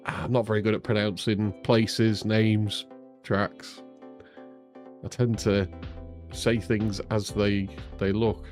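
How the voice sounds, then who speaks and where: A man's voice: on the low side, flat delivery, slow pace, darkish tone, faint music behind. A man streaming his sim racing, chatting casually and self-deprecatingly with lots of fillers while he waits for an interview. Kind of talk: casual live-stream chat.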